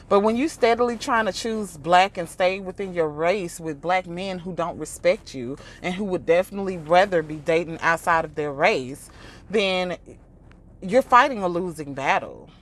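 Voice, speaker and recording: A woman's voice: on the low side, a bit bright. A woman vlogger ranting casually in an exasperated, mocking tone, laughing often and breaking into quoted impressions. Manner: imitates others in quoted asides. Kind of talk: casual reaction rant.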